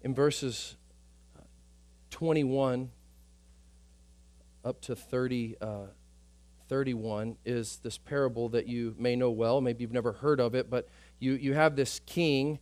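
A man preaching a sermon as pastor, emphatic, swinging between loud urgent stretches and quiet soft ones. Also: medium pitch, steady tone, slow, pauses often, no room sound.

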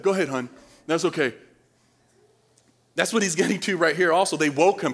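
A man preaching a sermon, animated, acting out panicked voices and asking the audience questions, swinging from loud to quiet. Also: high-pitched. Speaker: pastor.

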